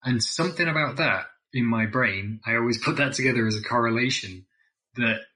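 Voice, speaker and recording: Bright-voiced man chatting about films. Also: mid-range voice, a little fast. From Scotland. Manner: chatty, self-deprecating, restarts sentences. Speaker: podcast co-host. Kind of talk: casual film podcast chat.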